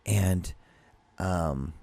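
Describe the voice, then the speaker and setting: A man's voice: low voice, very slow, creaky, a little mellow. A young man hosting a podcast, telling a rambling story in casual chat, swearing often and restarting his sentences. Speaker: podcast host.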